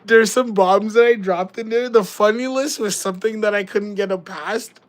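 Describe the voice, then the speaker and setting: A woman's voice: medium pitch, moderate pace, low-quality recording. A woman, hosting a casual livestream and chatting in a giggly, rambling, joking way. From Canada. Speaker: livestream host.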